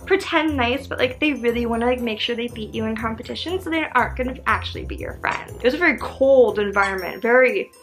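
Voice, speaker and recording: A woman's voice: a little high, fast talker, hardly any pauses, a bit bright, faint music behind. A young woman from Canada, telling a frank storytime to camera, swearing freely and saying "like" a lot. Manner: chatty, frank, swears freely, heavy use of "like". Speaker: vlogger. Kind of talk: casual storytime monologue.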